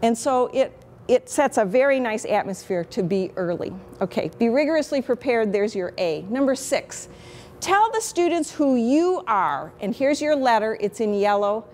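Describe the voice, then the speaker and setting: Woman, 50s, Chicago accent, university lecturer; frank, self-deprecating, conversational; slightly high voice, faint noise behind. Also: lively intonation, moderate pace, a little mellow. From Chicago, USA. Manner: candid, chatty, self-deprecating. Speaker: microbiology professor. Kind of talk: teaching talk on lecturing.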